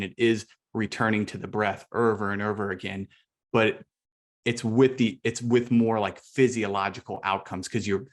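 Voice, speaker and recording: A man, a guest breathwork teacher, chatting casually on a video call, with lots of fillers and restarts. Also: lowish voice. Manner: relaxed, filler-heavy, many restarts.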